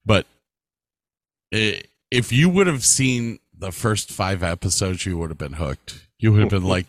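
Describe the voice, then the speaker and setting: Guy cohosting a podcast, goofy and swears a lot, low voice, slow talker. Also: dry recording. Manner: animated, joking, swearing, laughs often. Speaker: podcast co-host. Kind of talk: casual chat.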